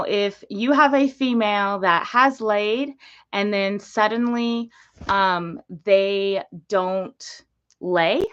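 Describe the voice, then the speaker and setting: A woman's voice: mid-range voice, a bit bright, highs cut off. A woman hosting a casual livestream about geckos, chatty and easily distracted, talking to viewers. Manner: chatty, easily distracted, baby-talks to her parrot. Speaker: livestream host and gecko breeder.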